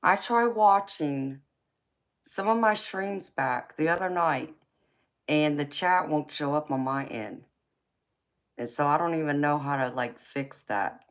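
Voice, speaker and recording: Slow, low-voiced woman laughing. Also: expressive. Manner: laughs often, teasing and folksy. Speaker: tarot reader hosting a live stream. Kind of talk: casual live chat with viewers.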